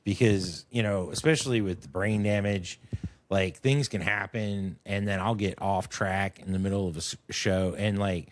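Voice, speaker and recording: A middle-aged comedian, appearing as a podcast guest, talks casually in a low-pitched, steady tone. His speech rambles and halts, and he is often self-critical.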